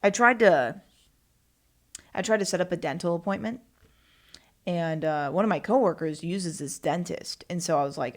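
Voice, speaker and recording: A woman's voice: on the low side, normal speed, pauses often. A woman hosting her own podcast, rambling and self-mocking in casual solo chat. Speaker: podcast host.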